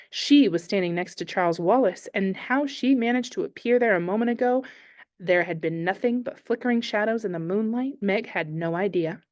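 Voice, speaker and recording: A woman teacher reading a novel aloud to her class in a calm, steady storytelling manner. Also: medium pitch, no echo, clean studio sound.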